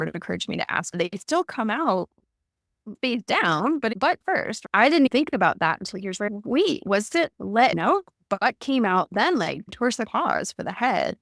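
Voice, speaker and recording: A woman in her thirties telling a personal story in a conversational way, animated and acting out the lines of people in it. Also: medium pitch, no room sound, clean studio sound. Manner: animated, acts out quoted dialogue. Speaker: guest recounting her birth.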